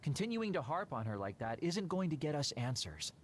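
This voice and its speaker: A laid-back, teasing older man in a video game, easygoing as he cools tempers. His pitch sweeps dramatically up and down, with a faint rumble in the background. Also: a little fast. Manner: relaxed, teasing.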